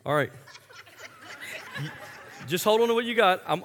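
A man leading a group game for an audience, talking in a playful, chatty way with halting restarts and frequent laughs. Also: sits high, lively intonation, a bit bright, a little hiss or hum. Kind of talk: live talk to an audience. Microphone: handheld microphone. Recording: echoey hall with long reverb.

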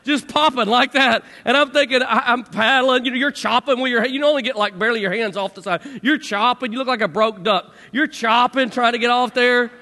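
Speaking a little fast with hardly any pauses, a middle-aged man with a strikingly high voice tells an audience a personal story, lively and packed with acted-out sound effects. The long reverb of a large hall rings around his voice.

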